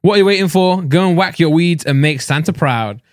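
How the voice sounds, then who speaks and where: A young man hosts a casual podcast, his voice sitting a touch high and sounding close and dry. He rambles, laughs easily and talks up the sponsor with loose enthusiasm. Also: fairly quick, dry recording. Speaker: podcast host. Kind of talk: casual chat with read ad.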